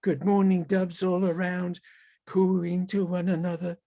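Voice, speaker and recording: A man reading his own fiction aloud over a video call as a halting, musing first-person character monologue. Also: high-pitched, little pitch movement, mellow. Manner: halting, musing, talks to animals and people in the scene.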